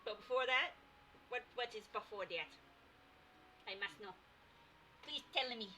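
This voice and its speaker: Giggly streamer girl in her 20s, bright voice, bouncy pitch, reading her own book live. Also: expressive, measured pace, a little hiss or hum, poor audio. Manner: giggly, playful.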